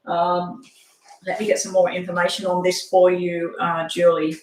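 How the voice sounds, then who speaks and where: Live-stream tarot reader, mid-pitched, unhurried and halting, lots of filler, echoey room sound. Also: level tone. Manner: halting, with frequent ums. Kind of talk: live tarot reading to a viewer.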